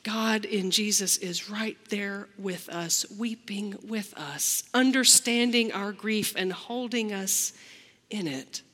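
A woman pastor delivering a slow, reflective sermon, acting out the lines she quotes. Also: medium pitch, fairly bright tone, big-room sound.

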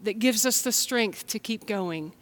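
A woman from the United States, a pastor telling a children's story and preaching a sermon in a gentle storytelling manner. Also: mid-range voice, unhurried. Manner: gentle, storytelling, speaks straight to listeners.

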